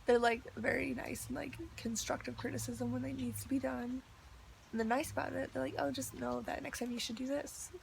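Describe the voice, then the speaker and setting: A woman's voice: high-pitched, level tone, fairly quick, vocal fry, a little hiss or hum. A young woman ranting in a video diary, chatty and exasperated, with lots of "like". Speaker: vlogger.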